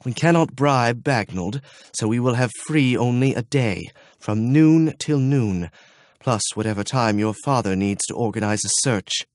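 A man's voice: medium pitch, animated, unhurried, dry recording, clean studio sound, close to an everyday voice. A man voicing a hopeful, eager young man in an audiobook, speaking with reassuring energy.

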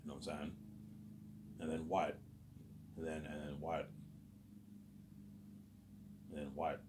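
A man's voice: extremely low pitch, level tone, slow, background noise. A man delivering a rambling, agitated vlog monologue, repeating "obviously" and "man" and swearing often. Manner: repetitive, peppers speech with "obviously" and "man". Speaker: vlogger.

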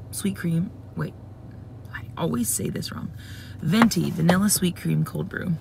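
A woman's voice: low voice, slight background noise. A young woman vlogging casually, chatting in a rambling, candid way as she runs weekend errands. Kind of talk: casual vlog chat. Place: parking lot, then store.

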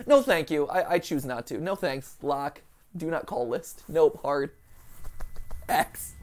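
A woman hosting a let's play, jokey and excitable, laughing often and slipping into silly voices, over light background noise. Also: low-pitched, unhurried, pauses often. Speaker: host.

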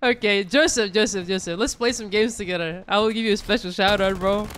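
A woman hosting a gaming channel, giving excitable, exclamatory commentary straight to her viewers over gameplay. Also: mid-range voice, a little fast, slight background noise.

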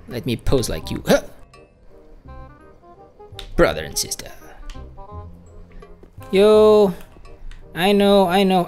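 Excitable woman gamer with a lively voice. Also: lowish voice. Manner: excitable, swears a lot, shrieks and talks to enemies. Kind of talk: let's play commentary.

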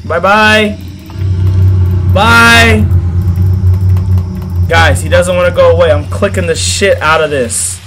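A man's voice: fairly high pitch, steady tone, a little fast, hardly any pauses, music in the background. A young man with a cold, telling a rambling, slangy, swear-filled story in casual gameplay commentary. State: has a cold. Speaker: gaming video host.

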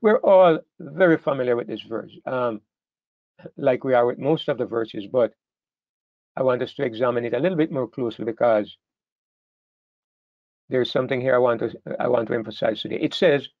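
A man's voice: medium pitch, moderate pace, pauses often, dry recording, muffled recording. A man preaching a sermon, emphatic, stressing key words and often repeating himself as he restarts phrases.

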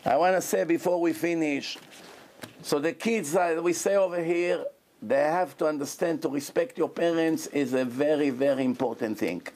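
Man, rabbi, sermon, fairly high pitched, animated delivery. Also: moderate pace, a little hiss or hum. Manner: animated preaching with acted-out quotes.

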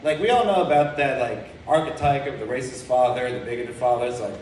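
A man's voice: mid-range voice, fairly quick, hardly any pauses, darkish tone, slight background noise. A young man doing a stand-up comedy set, rambling and crude, full of fillers and self-deprecating asides. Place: comedy club stage. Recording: very echoey club room heard from far off.

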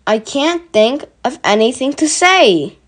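A woman's voice: high-pitched, big pitch swings, measured pace, exaggerated voice. A woman voicing a small, timid male piglet in a storybook reading, sounding anxious. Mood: worried.

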